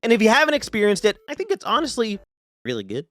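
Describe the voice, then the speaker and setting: Animated, swearing gaming host. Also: male voice, fast, no room sound. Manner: animated, profane, swings pitch freely. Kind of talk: casual ranking commentary.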